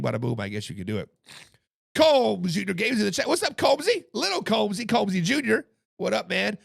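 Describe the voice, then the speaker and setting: Gravelly, hoarse-voiced man sports host. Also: high voice, no echo, clean studio sound. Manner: chatty, greets viewers in chat. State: hoarse from coaching. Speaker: podcast host. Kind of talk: casual live-stream sports talk.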